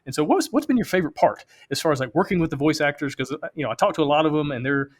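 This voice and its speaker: An American man is interviewing a guest on his podcast. He talks fast, with a slightly high voice, and his enthusiasm spills into rambling questions full of restarts. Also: lively intonation. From United States. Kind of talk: casual interview chat.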